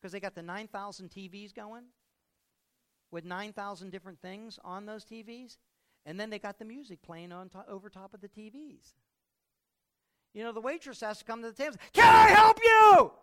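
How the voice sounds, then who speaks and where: A middle-aged man preaching a sermon as pastor, telling stories with loud outbursts and quiet reflective stretches. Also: high-pitched, normal speed.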